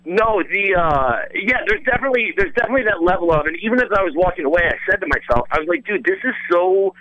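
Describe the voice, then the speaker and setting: A man telling a wild story in animated casual chat, rambling with lots of fillers and swearing freely. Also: high voice, racing, dry recording, highs cut off. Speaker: former radio host telling a story as a guest.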